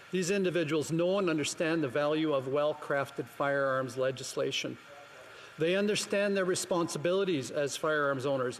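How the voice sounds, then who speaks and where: Man giving a pointed chamber speech. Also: fairly high pitch. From Canada. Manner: firm, pointed, rhetorical questions. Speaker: member of parliament. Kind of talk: formal parliamentary speech. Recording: long reverb from a large chamber, faint background noise.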